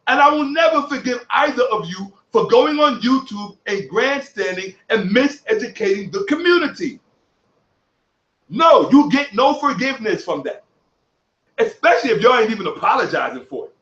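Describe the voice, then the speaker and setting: A man giving heated commentary on other online creators, boastful and profane, sometimes shouting. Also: high voice, lively intonation, moderate pace. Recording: echoey room, distant from mic, dull audio.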